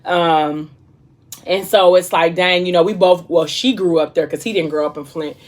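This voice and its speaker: A woman's voice: on the low side, steady tone, normal speed. A young woman vlogger casually retelling a book in a chatty, slangy way while she eats. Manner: chatty, slangy storytelling, eating between lines. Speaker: vlog host.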